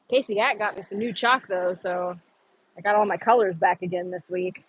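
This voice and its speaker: A woman's voice: mid-range voice, fairly even intonation, normal speed, a little hiss or hum, rough recording. A woman chatting casually on an outdoor livestream, rambling and answering viewer comments. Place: outdoors on a humid morning.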